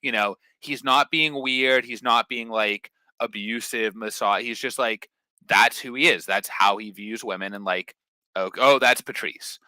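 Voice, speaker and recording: A man's voice: lowish voice, a little slow, pushed and bright, no echo, rough recording. A young man talking bluntly and confidently in a casual podcast chat, swearing freely. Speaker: podcast guest.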